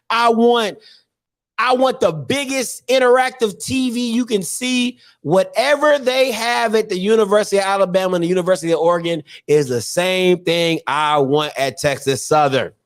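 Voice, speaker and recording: A man hosting an online call-in show, talking in an animated, preachy and joking way full of slang. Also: sits high, moderate pace. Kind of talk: energetic call-in show monologue.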